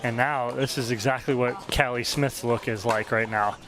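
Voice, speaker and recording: A man giving live sports commentary at an outdoor venue, chatty with quick excited reactions to the play. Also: medium pitch, very noisy. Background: crowd.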